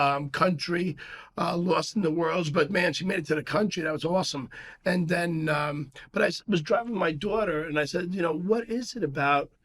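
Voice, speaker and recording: A man chats on a podcast as a guest. He tells long, rambling stories with lots of fillers and restarts. His voice sits a bit high for a man. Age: 50s. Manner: animated storyteller, rambling with many fillers. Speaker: podcast guest, martial arts instructor. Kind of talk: casual chat.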